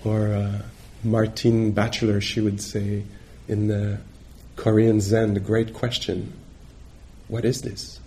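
A male meditation teacher giving a dharma talk on retreat, gentle and reflective, pausing often as he searches for words. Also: fairly low pitch, monotone. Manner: halting, searching for words with many pauses.

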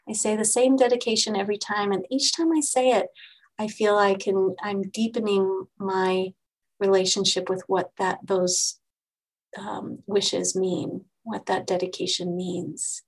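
A woman meditation teacher giving a dharma talk to her group, gentle and unhurried, pausing and restarting often. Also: mid-range voice, flat delivery, husky, poor audio.

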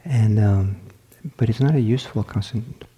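A male meditation teacher gives a dharma talk in a low, mellow voice. He speaks gently and reflectively, pausing and restarting phrases as he feels his way toward each idea. The tone is warm and unforced. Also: dull audio, slight background noise.

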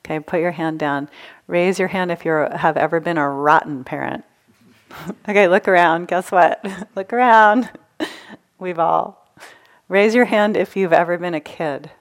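A woman giving a gentle, engaging dharma talk to a live retreat audience as a meditation teacher. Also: on the low side, unhurried. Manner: gentle, engaging, asks the audience to raise hands.

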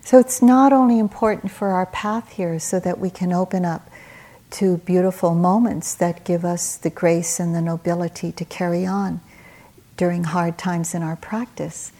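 A woman meditation teacher giving a dharma talk at a retreat, telling stories in a gentle, unhurried way with soft pauses. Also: on the low side, fairly even intonation.

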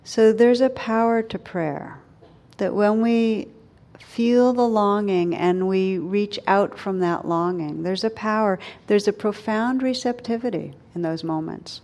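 A middle-aged woman, a meditation teacher, giving a gentle, unhurried dharma talk and softening her voice on tender words. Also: mid-range voice.

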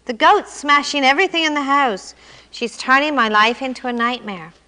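A woman's voice: sits high, normal speed, bright, forceful tone, big-room sound. A woman voicing a desperate poor man who pleads and complains, reading him aloud in a story. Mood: pleading. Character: desperate poor man at his wits' end.

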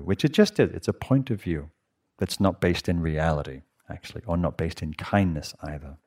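Low-voiced man giving a dharma talk. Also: moderate pace. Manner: gentle, conversational, asks the audience questions. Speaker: meditation teacher. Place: meditation hall.

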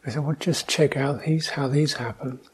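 Husky man giving a slow dharma talk. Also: medium pitch, fairly even intonation. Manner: slow, reflective, questioning, with soft hums. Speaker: meditation teacher.

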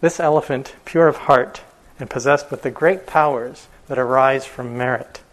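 A man voicing a gentle, devoted male elephant keeper in a told story, speaking softly and tenderly. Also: medium pitch, normal speed, lightly acted, low-quality recording. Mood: defiant. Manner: soft, tender address.

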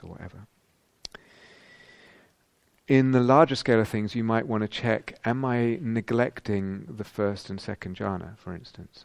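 Male meditation teacher, middle-aged, deep fry-edged voice, dry close sound, reflective dharma-talk delivery. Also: no room sound. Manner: reflective, searching, frequent ums and rhetorical questions.

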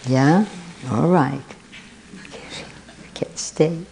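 An older woman, teaching at a meditation retreat, speaking in slow, halting phrases. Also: low-pitched, creaky, warm tone. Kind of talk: retreat talk.

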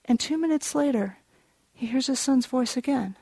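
A woman meditation teacher tells a story during a dharma talk, her voice sitting a little higher than most. She speaks gently and without hurry, pausing to explain contemplative terms. The recording is close and dry, with almost no room sound. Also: vocal fry, husky, no echo.

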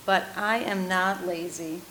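A woman voicing a calm, unhurried male sloth from a picture book, reading his lines in a slow, serene way. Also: on the low side, reverberant, a little hiss or hum, low-quality recording. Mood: placid. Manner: slow, serene listing of words.

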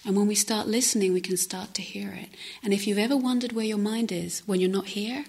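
A woman meditation teacher giving a gentle, reflective dharma talk at a retreat, often dropping to a soft near-whisper. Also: mid-range voice, steady tone, fairly quick. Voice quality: breathy, often drops to a whisper. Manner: gentle, reflective, with hesitant restarts. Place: retreat center meditation hall.

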